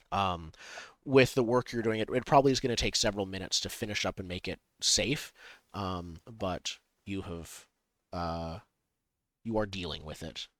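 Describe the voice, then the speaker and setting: A man narrating as game master for a superhero tabletop game, pausing often with ums and restarts. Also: fairly low pitch, fairly bright tone, dry recording. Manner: halting, many ums and restarts.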